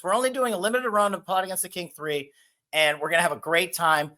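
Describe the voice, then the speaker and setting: A man's voice: high voice, fairly even intonation, fast talker, sharp tone. A man speaking as a guest in a political interview, with a punchy, emphatic delivery.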